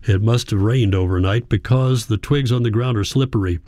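A man reading a first-person novel aloud, quiet, measured and reflective. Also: lowish voice, no room sound, clean studio sound. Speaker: audiobook narrator. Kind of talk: first-person literary narration.

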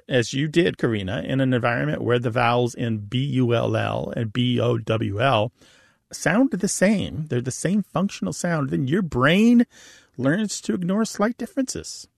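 Animated man with a gravelly voice. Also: mid-range voice, a little slow, dry recording, clean studio sound. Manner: explanatory, lively, laughs easily. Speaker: linguist explaining to a caller. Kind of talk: call-in chat, explaining.

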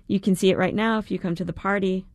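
A woman's voice: mid-range voice, steady tone, fast talker, no echo, clean studio sound, natural voice. A woman reading the lines of a bold, provocative teenage girl in an audiobook, with a teasing, bossy manner.

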